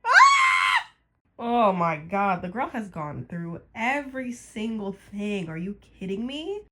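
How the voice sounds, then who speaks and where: A young woman vlogger casually reacting to a TV show, animated, exclaiming and laughing often. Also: medium pitch, measured pace, shouting, poor audio.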